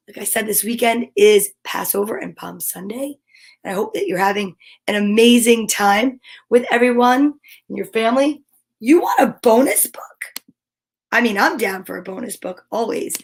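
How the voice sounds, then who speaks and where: A woman hosting storytime, reading a picture book aloud with playful, chatty asides. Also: a little high. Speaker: storytime host.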